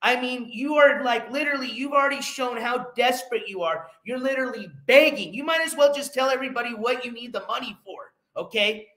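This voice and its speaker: A man's voice: very high voice, a little fast, few pauses, sharp tone, roomy sound, poor audio. A man hosting a livestream, mocking a rival and thanking viewers for donations while he loads clips. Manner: mocking, then mutters while fiddling with files. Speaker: livestream host. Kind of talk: livestream commentary.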